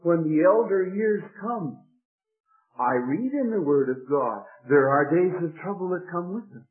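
Older male preacher, earnest testimony-style sermon, slightly high voice, thin phone-like radio sound. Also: animated, unhurried. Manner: earnest, rising and falling with emotion. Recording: tinny phone-like radio broadcast.

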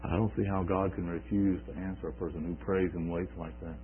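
A man preaching a sermon, retelling scripture in a conversational way with halting restarts. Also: sits low, little pitch movement, a little hiss or hum. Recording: tinny phone-like recording.

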